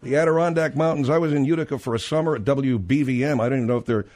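A man's voice: mid-range voice, rapid-fire, darkish tone. A man hosting a radio talk show, telling rambling anecdotes with many fillers and restarts.

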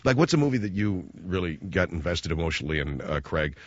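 A man's voice: lively intonation, fast talker, no room sound. Sarcastic man ranting on a dull, dry line. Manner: sarcastic, mocking, swings between loud outbursts and low asides. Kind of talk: comic rant.

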